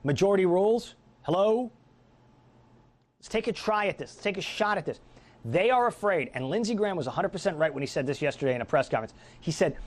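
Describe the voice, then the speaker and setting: A middle-aged man hosts political talk radio in a combative, sarcastic monologue. His pitch sits a little high and swings widely as he mocks and jabs. He delivers it as an animated rant. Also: fast talker. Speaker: radio talk show host.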